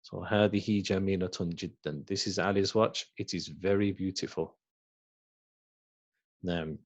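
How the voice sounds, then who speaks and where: A man with a low-pitched voice teaches a beginners' Arabic lesson. He speaks slowly and patiently, repeating each word and then giving its meaning. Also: fairly even intonation, dull audio. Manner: slow and patient, repeats words and translates them. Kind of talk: recorded language lesson.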